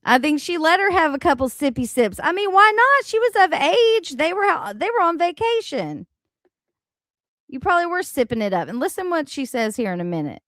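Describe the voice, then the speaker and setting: Animated, foul-mouthed woman livestreamer. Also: extremely high pitch, normal speed, dry recording, studio quality. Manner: animated, blunt and profane. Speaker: livestream host. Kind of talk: reaction livestream commentary. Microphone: home streaming mic.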